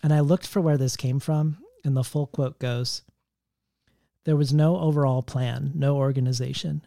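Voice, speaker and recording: Male interviewer with a mellow voice and a dry, close sound, measured and reflective. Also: mid-range voice, steady tone, creaky, no echo. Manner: measured, reads quotes aloud, reflective. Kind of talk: literary interview questions.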